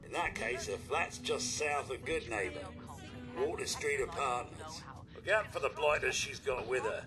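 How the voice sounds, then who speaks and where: A man plays a rude robot barman from a video game who speaks with a British accent. His voice is gruff and slangy and swings widely in pitch. Loud game music sits behind him. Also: lively intonation, moderate pace, lightly acted. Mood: sneering.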